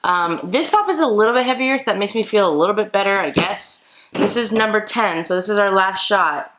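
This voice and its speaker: A woman vlogger chatting excitedly to her viewers while opening mystery boxes for an unboxing video. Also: mid-range voice, a little fast, noisy background. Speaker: toy collector vlogger. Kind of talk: casual unboxing vlog.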